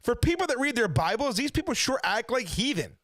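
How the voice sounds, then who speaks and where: A man with a high, animated voice rants indignantly from his kitchen at home. He keeps firing rhetorical questions in a loose, unscripted commentary. The sound is close and dry. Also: fairly quick, no echo. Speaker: preacher and channel host. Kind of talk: casual ranting commentary.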